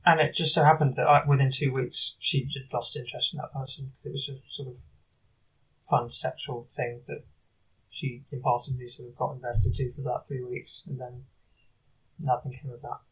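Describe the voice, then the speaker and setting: A man recording a confessional video diary, talking in a halting, rambling way with many restarts. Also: mid-range voice, little pitch movement, breathy edge, distant mic, low-quality recording. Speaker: video diarist.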